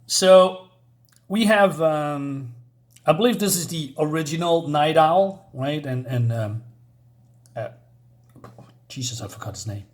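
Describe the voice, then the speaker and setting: Man, fairly high voice, hesitant, fillers, casual comic review. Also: slow pace, pauses often. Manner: hesitant, many fillers, chuckling asides.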